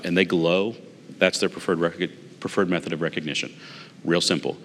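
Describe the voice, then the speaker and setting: A man's voice: low voice, steady tone, brisk, a bit bright, long reverb tail, slight background noise. A man giving a conversational leadership lesson to managers, telling a personal story and acting out bits of dialogue with emphasis. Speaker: management trainer.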